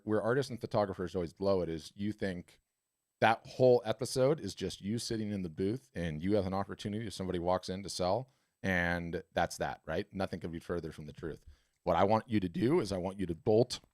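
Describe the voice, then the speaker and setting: A man's voice: deep voice, a little fast, a little mellow, no echo, clean studio sound. A man hosting a webinar, coaching a caller emphatically and ending points with "right?". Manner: emphatic, salesy, repeated "right?" tags. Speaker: webinar host and art business coach. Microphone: video call.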